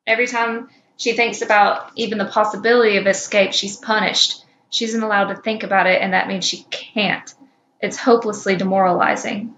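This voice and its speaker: A woman hosting a podcast, reading a story aloud at a steady pace. Her voice is gravelly at the edges. The recording rings with room echo and a faint hiss. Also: mid-range voice, moderate pace. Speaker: podcast host. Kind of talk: reading fan fiction aloud. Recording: echoey room with faint noise.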